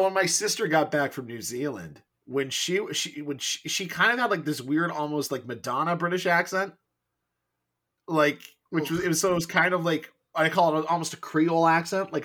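A man hosting a podcast, chatting in an animated, quick-reacting way. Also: a little high. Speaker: podcast host. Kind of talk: casual chat.

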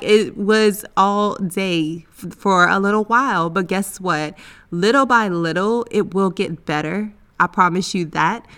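Encouraging woman podcast host. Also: on the low side. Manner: warm encouraging, addresses listener as sis, fillers like "like, you know". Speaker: podcast host and heartbreak coach. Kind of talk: faith-based podcast talk.

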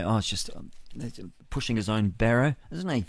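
Rambling New radio host, dry sound. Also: male voice, fairly low pitch, a little fast, no echo. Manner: rambling, chuckling asides and rhetorical questions. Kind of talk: solo breakfast radio talk, reading news aloud. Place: home studio with a window.

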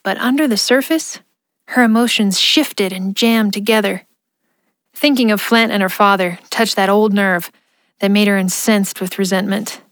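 A woman's voice: medium pitch, moderate pace, no room sound, studio quality. Woman narrating an audio drama. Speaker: narrator and ad host.

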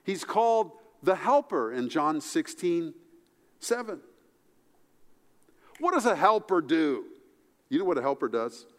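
An animated male pastor preaching a sermon in a church hall with a long, ringing echo. His voice sits a little high for a man. He climbs for emphasis and then drops low and soft. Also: unhurried, long pauses.

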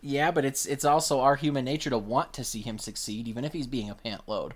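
A man's voice: mid-range voice, quick pace. A man co-hosting a podcast, talking in a thoughtful, analytical way. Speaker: podcast co-host. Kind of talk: casual podcast chat.

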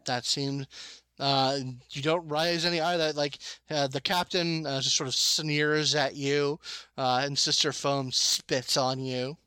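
A man runs a tabletop game, narrating haltingly with frequent ums. His voice is bright and a bit high. The sound is dry and close. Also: steady tone, clear, resonant tone, dry recording. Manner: hesitant, many ums. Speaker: game master.

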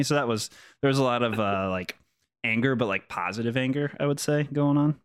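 A man's voice: mid-range voice, fast, fairly bright tone. A man in casual chat with friends, telling about a concert in a laid-back, enthusiastic way.

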